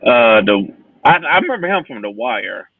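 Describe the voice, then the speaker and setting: A man from the United States hosting a podcast in casual chat, easygoing and quick to laugh. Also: medium pitch, very animated, vocal fry, a little hiss or hum. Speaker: podcast host. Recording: tinny phone-like dry line.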